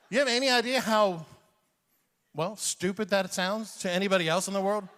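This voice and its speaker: Brief: male stand-up comic in his forties from Iran, lively and high-pitched, long hall reverb. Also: moderate pace. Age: 40s. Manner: animated, chuckles at own jokes. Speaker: comedian. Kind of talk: stand-up comedy.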